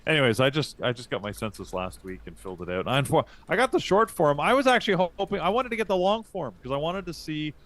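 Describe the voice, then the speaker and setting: A man's voice: a little high, sing-song, fast talker, few pauses, fairly bright tone. Rambling man in casual chat. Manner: rambling, repeats words and restarts. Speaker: co-host of live trading show.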